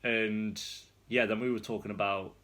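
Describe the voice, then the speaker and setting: Sitting indoors on a rolling chair, a young man vlogs casually, telling a rambling, chatty story and laughing often. His voice is on the low side and fairly bright, with a steady tone at normal speed.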